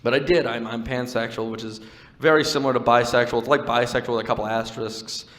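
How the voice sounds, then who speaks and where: A man's voice: medium pitch, fairly even intonation, fast, fairly bright tone. A young man doing a stand-up comedy set in a venue, chatting wryly with the crowd and telling self-deprecating stories. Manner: conversational, wry and self-deprecating with playful crowd work. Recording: live venue with long reverb.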